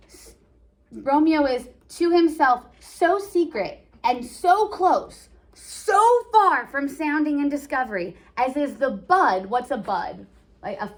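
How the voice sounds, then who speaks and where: A young woman teaching a class in an energetic, playful style. She explains as she goes and keeps the pace lively. Her voice sits a little high. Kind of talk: classroom lecture.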